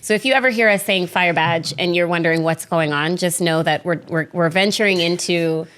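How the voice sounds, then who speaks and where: A young woman from Canada co-hosting a chatty podcast, animated and self-mocking, swearing freely. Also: lowish voice, brisk, clean tone. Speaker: podcast co-host. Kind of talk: casual chat.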